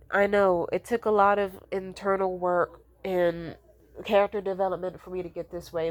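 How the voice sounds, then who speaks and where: A woman's voice: mid-range voice, dry recording. A young woman ranting casually, blunt and profane, exasperated, mimicking the people she complains about.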